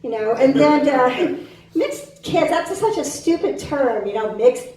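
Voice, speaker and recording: Brash middle-aged woman doing stand-up, high voice, super echoey club, mic kinda far off. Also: expressive, unhurried, a little mellow. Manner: brash, punchy delivery with audience banter. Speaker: stand-up comic. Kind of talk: stand-up comedy set. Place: comedy club stage.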